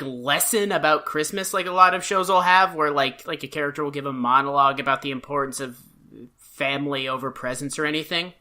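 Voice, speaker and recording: Rambling co-host with a bright voice. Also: male voice, sits high. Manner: rambling, lots of filler words. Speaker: podcast co-host. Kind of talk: casual podcast chat.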